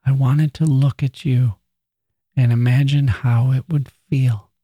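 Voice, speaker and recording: Frail, proud dying woman, whispering softly and earnestly, as a male reader puts her on. The delivery is slow, the tone mellow, and the recording dry and close, like a storybook reading. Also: mid-range voice, steady tone, breathy edge, no room sound, voice pushed up. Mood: wistful.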